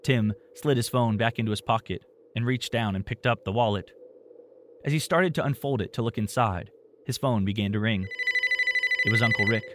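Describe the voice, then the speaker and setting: A man narrating a story in a steady, plain storytelling manner. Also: on the low side, moderate pace, noisy background.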